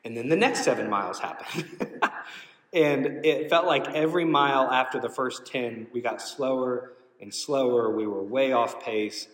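A male pastor telling a personal story in a sermon, animated and emotional, sometimes shouting out quoted cheers. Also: medium pitch, normal speed, a little hiss or hum. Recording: roomy hall, voice from some distance.

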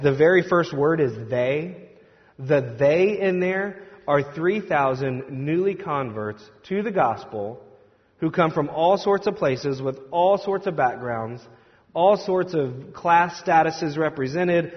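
A male pastor giving a conversational, joking sermon in a church sanctuary, acting out the voices of the crowd. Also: fairly high pitch. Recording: dull sound with long hall reverb.

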